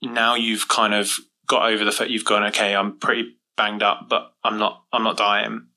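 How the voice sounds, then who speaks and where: Measured host with bright voice. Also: male voice, on the low side, little pitch movement, poor audio. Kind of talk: casual interview chat.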